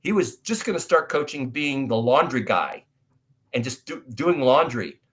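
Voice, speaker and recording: A middle-aged man from the United States, an actor guest telling stories in an interview and acting out dialogue loudly. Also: mid-range voice, moderate pace. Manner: animated storyteller, acts out dialogue loudly. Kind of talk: storytelling interview talk.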